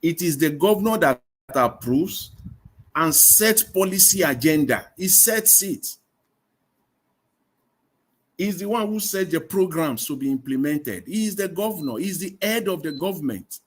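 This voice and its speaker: A man's voice: on the high side, animated, unhurried. A man hosting a live call-in debate, stressing his points by repeating them emphatically. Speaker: host of a live discussion stream.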